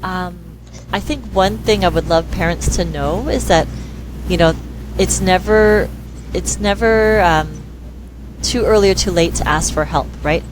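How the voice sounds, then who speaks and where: A woman speech therapist talking in an interview, lively and quick to act out the voices of children and parents. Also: lowish voice, noisy background. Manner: lively, acts out quoted dialogue in voices. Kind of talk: conversational interview.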